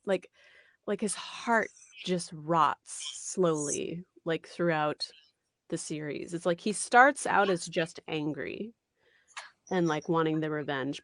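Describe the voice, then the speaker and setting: A woman in her thirties with a somewhat low voice chats animatedly in an interview, full of fillers and quick asides. The sound is dry and close, with no room around it. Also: no echo. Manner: animated, chatty, many fillers and laughs. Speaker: voice actress guest. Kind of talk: casual interview chat.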